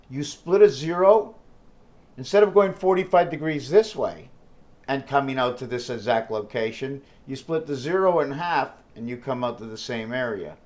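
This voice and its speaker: On the high side and a little mellow, a male vlogger's voice carries a rambling solo monologue to the camera. He free-associates, hopping between numbers, wordplay and questions to himself, thinking aloud with many fillers.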